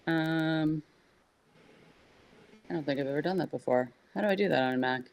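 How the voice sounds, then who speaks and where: A woman's voice: low-pitched, moderate pace, darkish tone. A woman on a video call who fumbles with her computer and keeps asking for a second. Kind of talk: casual video-call meeting.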